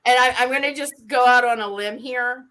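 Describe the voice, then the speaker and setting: A woman's voice: fairly high pitch, steady tone, fairly quick, sharp tone. A woman co-hosting a casual live-stream chat, giggly and playfully teasing.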